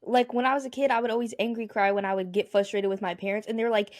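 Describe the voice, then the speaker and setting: A young adult woman co-hosting a podcast, chatting casually with relaxed, dry quips and laughter. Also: on the high side, fast. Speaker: podcast co-host, student. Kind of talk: casual chat.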